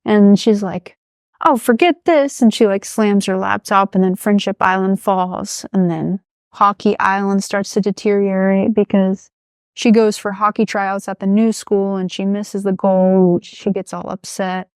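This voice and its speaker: A woman's voice: mid-range voice, flat delivery, measured pace, smooth, dry recording, clean studio sound. A young woman co-hosting a casual podcast chat, retelling a story with lots of "like" fillers. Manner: chatty plot retelling, many "like" fillers. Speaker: podcast co-host.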